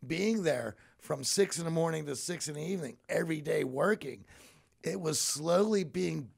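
A man in his forties from Pittsburgh with a heavily gravelly, fry-laden voice sitting a touch high. He is a podcast guest, telling personal stories in an earnest, reflective way with plenty of asides. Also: expressive, moderate pace. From Pittsburgh, USA. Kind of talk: conversational storytelling.

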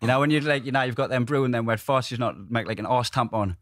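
A Geordie comedian spins a rambling story, swearing, laughing and tagging "right?" onto his lines. His voice sits at a middle pitch, and the room sound is dry. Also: fast talker, fairly bright tone, no room sound. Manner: sweary, laughs through stories, lots of "right?". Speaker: comedian guest. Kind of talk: casual storytelling chat. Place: podcast studio.

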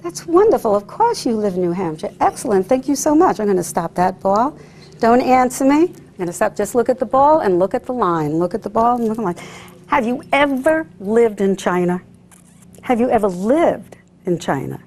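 A woman's voice: a little high, very animated, a little fast, darkish tone, a little hiss or hum. A woman hypnotist leading a live stage demonstration, coaxing volunteers with sing-song repeated phrases. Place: room with a live audience.

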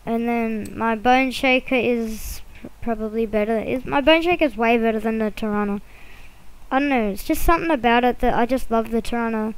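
A woman's voice: fairly high pitch, clear, resonant tone, rough recording. A woman giving casual, rambling commentary while she plays a driving game, with many fillers and restarts. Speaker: gameplay video creator.

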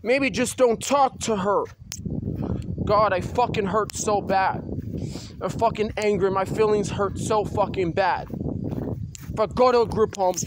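A man ranting on his own in an agitated, repetitive way, swearing and breaking into loud outbursts. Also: sits high, measured pace, long pauses, noisy background. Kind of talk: solo rant to camera.

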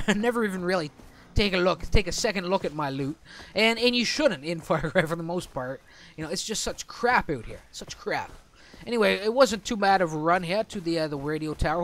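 Man, let's play host: high, chatty voice, joking and laughing his way through the game, faint hiss under the mic. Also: a bit bright. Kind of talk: gameplay commentary.

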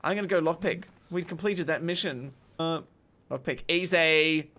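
A young man doing joking, excitable let's play commentary as host, talking back to the game. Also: fairly high pitch, normal speed, soft background music. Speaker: gaming video host.

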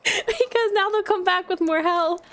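A woman's voice: very high voice, moderate pace. A woman streaming a game in casual chat, laughing helplessly as she plays. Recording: noisy game stream audio.

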